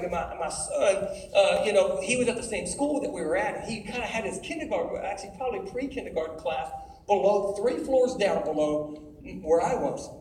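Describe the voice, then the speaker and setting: A middle-aged man preaching to teenagers in an animated way, calling out for the crowd to answer him. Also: high-pitched. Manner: animated, calls for audience responses. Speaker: youth speaker. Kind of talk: sermon. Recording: echoey hall from far off with faint noise.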